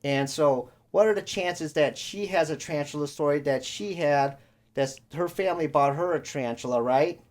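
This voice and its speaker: A man's voice: a little high, moderate pace. A young man co-hosting a podcast, telling rambling stories in casual chat and acting out the voices of the people he quotes. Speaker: podcast co-host.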